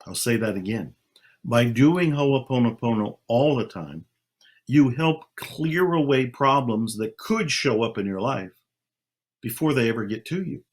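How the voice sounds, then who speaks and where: An older man speaking slowly and calmly, leading a guided meditation with long pauses. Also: medium pitch. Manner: slow, calm, soothing, with long pauses. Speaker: self-help speaker. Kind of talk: slow guided meditation talk.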